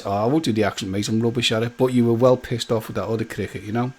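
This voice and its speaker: A man's voice: lowish voice, steady tone, fast talker. Chatty man hosting a live stream. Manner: chatty, jokey, laughing often, greeting viewers by name. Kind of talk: casual live-stream chat with viewers.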